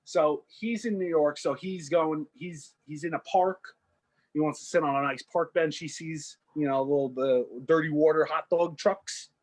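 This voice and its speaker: Young man, podcast co-host, rambling storyteller, husky, slightly high voice. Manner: rambling, acts out characters in quick asides. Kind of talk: casual storytelling chat.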